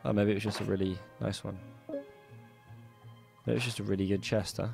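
Cursing gamer yelling at his game. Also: lowish voice, steady tone, moderate pace, gravelly. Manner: swearing, yelling angrily at enemies. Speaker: gaming channel host. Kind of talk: let's play commentary. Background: faint game music.

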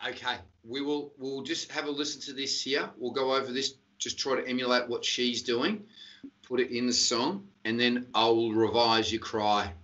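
A man's voice: medium pitch, little pitch movement, normal speed, a bit bright. A man teaching singing over a video call, explaining step by step and giving short praise. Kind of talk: online singing lesson coaching. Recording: dull distant video-call audio.

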